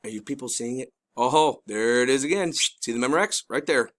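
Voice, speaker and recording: A middle-aged man talks over a video in an urgent, pleading way, stopping and restarting his thoughts. He jumps into excited bursts, then drops low to beg his listeners to look closer. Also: brisk. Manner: rambling with restarts. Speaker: video host. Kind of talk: casual narrated commentary.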